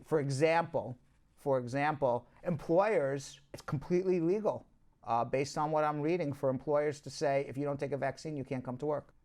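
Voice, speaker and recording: A man's voice: fairly high pitch, normal speed, a little mellow. A man with a Long Island accent hosting a casual news rundown, chatty and prone to asides to his co-hosts. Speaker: host, immigration news show.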